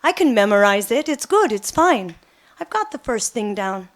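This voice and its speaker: A woman's voice: on the high side, normal speed. A middle-aged woman giving a devotional talk, telling personal stories and acting out the quotes. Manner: animated storytelling, acts out quotes. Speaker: devotional speaker.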